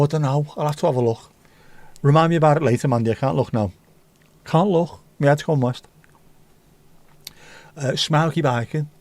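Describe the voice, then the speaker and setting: Man, middle-aged, livestream host, rambling casual chat, mid-pitched voice, dry sound. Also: dark tone, dry recording. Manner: rambling, chats while reading viewer comments aloud.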